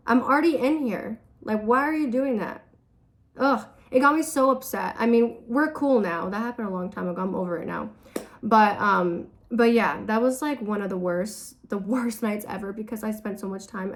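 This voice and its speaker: A young woman chatting casually as she answers viewer questions at home, candid and full of fillers, swearing freely as she tells stories. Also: on the high side. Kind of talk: casual Q&A storytelling.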